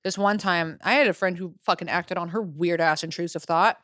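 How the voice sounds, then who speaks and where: A woman's voice: on the low side, brisk, fairly bright tone, no echo, studio quality. A woman co-hosting a podcast in casual chat, blunt and crude, laughing often. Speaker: podcast co-host.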